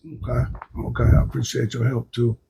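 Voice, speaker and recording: Gravelly 50s guy hosting his vlog, talks quick and blunt, slangy, no script. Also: mid-range voice, lo-fi sound. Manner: blunt, plain-spoken, relaxed slang. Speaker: vlog host. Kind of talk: unscripted casual talk to camera.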